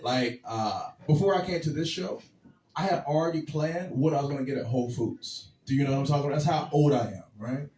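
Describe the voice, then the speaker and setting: A man's voice: medium pitch, brisk, a little mellow, roomy sound, recorded from a distance. A man in his thirties doing stand-up, chatting with the crowd in a dry, sardonic way. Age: 30s. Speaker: stand-up comedian. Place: comedy club stage.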